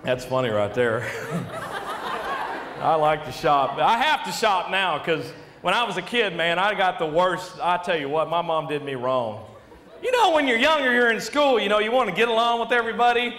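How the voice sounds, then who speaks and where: A man doing a high-energy stand-up comedy set on a live club stage, rambling and chuckling often. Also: lively intonation, normal speed, fairly bright tone. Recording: echoey hall with audible noise.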